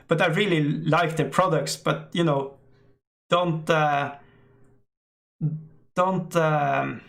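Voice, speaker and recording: A middle-aged man, an English speaker, hosting a casual live stream and reading out chat, halting with many fillers and frequent laughs. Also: on the high side, creaky, fairly bright tone.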